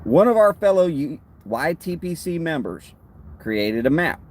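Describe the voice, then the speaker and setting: A man with a Texas accent hosting a casual livestream, talking in a relaxed, rambling way with friendly asides. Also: on the high side, a little slow. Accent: Texan. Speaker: host of a pipe-smoking livestream.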